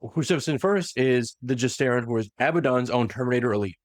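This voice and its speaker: A podcast host recaps lore for a co-host in an easy, animated chat, slipping into quick voiced impressions of the characters as he retells the story. His voice is medium-pitched, and the recording is dry and close with no room sound.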